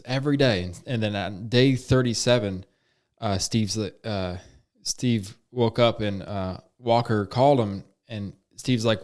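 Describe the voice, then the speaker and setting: A man with a slightly low voice co-hosts a casual podcast. He tells a story in a relaxed, halting way and pauses often on fillers. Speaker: podcast co-host.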